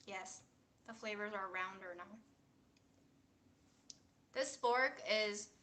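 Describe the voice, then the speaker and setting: A woman's voice: medium pitch, slow pace, pushed and bright. A woman hosting a casual cooking livestream from a small home kitchen, blunt and playful as she talks.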